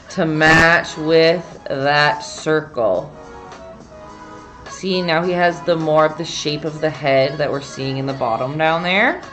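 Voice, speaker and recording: This livestream painting teacher speaks in a low, slightly bright voice. Keeping things casual and chatty, she reads viewer comments aloud and tends to break off mid-sentence.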